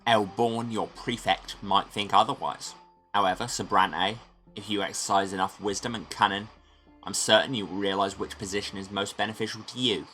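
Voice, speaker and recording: A man's voice: lowish voice, steady tone, moderate pace, sharp tone, faint music behind, pitched below the performer's own voice. A man voicing a pompous, haughty elderly aristocrat magistrate in a game. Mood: scheming. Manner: pompous, disdainful.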